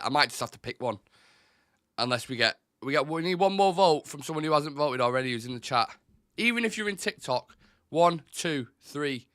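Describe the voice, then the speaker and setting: Chatty male host, reads the chat aloud, bright tense tone. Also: medium pitch, clear, resonant tone, no echo, studio quality. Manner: chatty, reads out chat comments, restarts and fillers. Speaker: host of a live football fan show. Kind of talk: casual live-stream chat.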